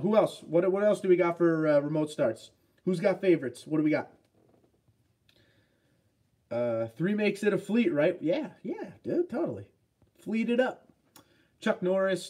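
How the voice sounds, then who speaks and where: A man's voice: fairly high pitch, darkish tone. A man in his thirties hosting a casual home livestream, rambling as he reads out and answers viewer comments. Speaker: livestream host.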